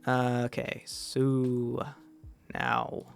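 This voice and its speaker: A man's voice: medium pitch, completely flat delivery, extremely slow, creaky, faint music behind. A man streaming a game, chatting casually in a rambling way, restarting and correcting himself as he answers chat. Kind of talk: casual gaming livestream chat.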